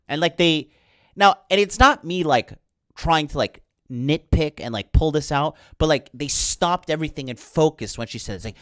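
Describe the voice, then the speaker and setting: A man's voice: a little high, animated, measured pace, fairly bright tone, dry recording, clean studio sound. A man hosting a livestream and ranting in a heated, profane, rambling way, sleepless late at night. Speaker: podcast host.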